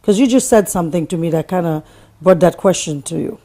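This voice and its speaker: A woman interviewer asking questions and prompting with soft acknowledgments. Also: fairly low pitch, brisk.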